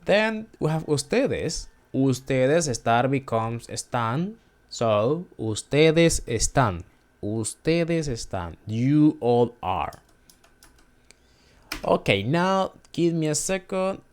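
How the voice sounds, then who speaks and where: Guy teaching spanish basics, slow and lively pitch, keeps repeating and fixing himself. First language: not Spanish. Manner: hesitant, repeats phrases, self-correcting. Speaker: language video host. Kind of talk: casual screen-share lesson.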